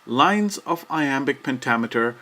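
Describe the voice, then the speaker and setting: A man's voice: medium pitch, expressive, sharp tone. Man narrating a poetry lesson. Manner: measured, explanatory delivery. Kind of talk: scripted educational narration.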